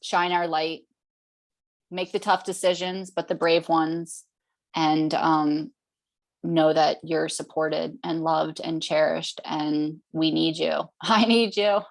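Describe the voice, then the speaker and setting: A woman's voice: deep voice, level tone, slow pace, gravelly. A woman hosting a group call, telling stories in an earnest, encouraging way. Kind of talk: casual group call chat. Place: online group video call.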